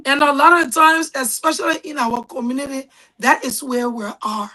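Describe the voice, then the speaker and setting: A middle-aged woman with a Liberian accent and a high voice tells her stories in a casual, lively way. She bursts into loud quoted voices as she goes. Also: moderate pace, rough recording. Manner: animated storyteller, shouts quoted voices. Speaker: guest. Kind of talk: casual storytelling.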